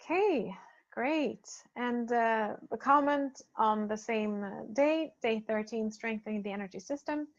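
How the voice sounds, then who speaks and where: A woman spiritual healer talking casually, gently and hesitantly, as she reads and answers feedback from participants. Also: a little high. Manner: soft-spoken, gentle, hesitant with many pauses and fillers. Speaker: spiritual healer leading a program. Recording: dull lo-fi recording.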